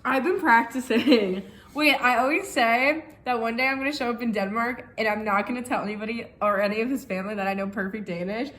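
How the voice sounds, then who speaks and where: Playful high-voiced young woman. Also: a little fast, hardly any pauses, fairly bright tone, reverberant. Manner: playful and teasing, laughs often. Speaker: vlog co-host. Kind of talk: casual chat.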